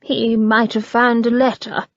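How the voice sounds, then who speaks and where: A woman's voice: on the high side, flat delivery, unhurried, no echo, muffled recording. A woman voicing an evasive, sulky old male servant with rustic, grumbling speech.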